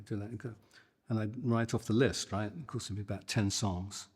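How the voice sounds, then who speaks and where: An older man, a guitarist, telling a lively anecdote and acting out the people in it. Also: lowish voice, brisk, slightly rough, long reverb tail. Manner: animated, acts out the people in his story. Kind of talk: anecdotal storytelling.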